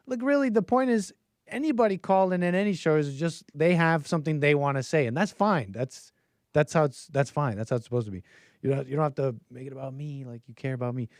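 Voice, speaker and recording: A man's voice: a little high, fast talker, no room sound, studio quality. Casual male call-in show host. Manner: loose, conversational, trailing off often.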